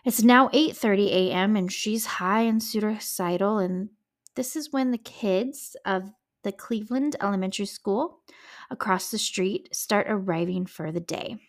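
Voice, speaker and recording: A woman's voice: medium pitch, measured pace. A woman hosting a true-crime podcast, telling a case in a chatty, emotional way with frank asides and the odd curse. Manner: chatty, emotional asides, swears when upset. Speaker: podcast host.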